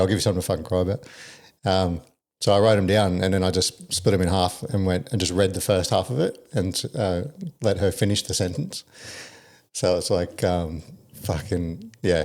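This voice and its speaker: Low-voiced laid-back podcast host man. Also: normal speed, darkish tone. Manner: laid-back, swears casually. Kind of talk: casual conversational interview.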